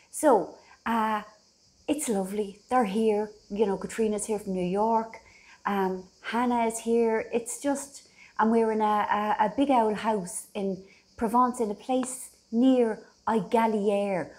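A middle-aged Irish woman vlogs from a holiday house, chatting casually to her phone camera in a rambling, self-deprecating way. Her mid-range voice is steady and a little slow.

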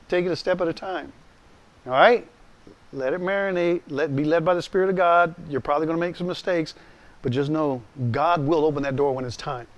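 Fairly quick and on the high side, a male preacher relates his personal testimony straight to his listeners in a conversational manner. He animates the voices he quotes, acting each one out.

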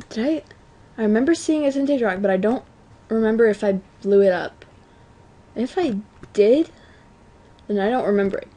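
A teenage girl at home giving chatty, self-mocking commentary on a video game, often apologizing and breaking into excited outbursts. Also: medium pitch. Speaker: let's play gamer. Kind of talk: casual gameplay commentary.

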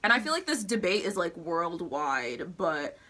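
A woman's voice: lowish voice, big pitch swings, bright, forceful tone. A young woman from Texas, chatting casually and playfully on her vlog, full of slang and "like". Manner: playful, drawn-out slang, lots of "like". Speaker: vlogger. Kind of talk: casual chat.

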